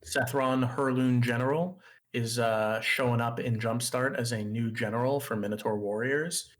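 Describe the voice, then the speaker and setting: A man's voice: medium pitch, fairly even intonation, normal speed. A man co-hosting a podcast, casually explaining card-game themes with plenty of fillers. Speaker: podcast co-host.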